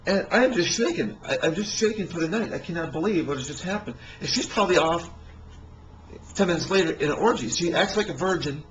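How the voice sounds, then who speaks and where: A man telling rambling personal stories in a halting way, with many restarts and fillers. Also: on the high side, animated, muffled recording, a little hiss or hum.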